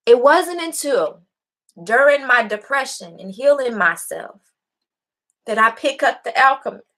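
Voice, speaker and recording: A woman's voice: fairly high pitch, lively intonation, slow pace, pauses often, bright, forceful tone. A young adult woman hosting her own show, giving a casual, impassioned and preachy talk to her viewers with blunt, profane language. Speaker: host. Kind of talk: casual motivational talk to a live audience.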